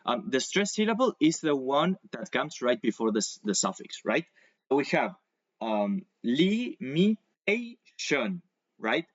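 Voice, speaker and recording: A native Spanish speaker teaches an online English lesson over a video call, his medium-pitched voice rising and falling a great deal. He explains patiently with examples, exaggerating and stretching words to show stress. The audio is dull and dry, with no room echo.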